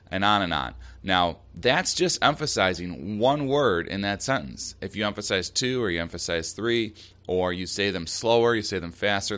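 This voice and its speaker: A man's voice: low voice, a bit bright. A man hosting a solo marketing podcast, giving upbeat, direct advice with emphasis. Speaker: podcast host.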